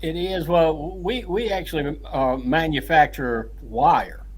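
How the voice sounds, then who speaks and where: A man in a casual chat, easygoing and quick to laugh, explaining his work in a halting way. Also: on the high side, slightly rough. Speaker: guest.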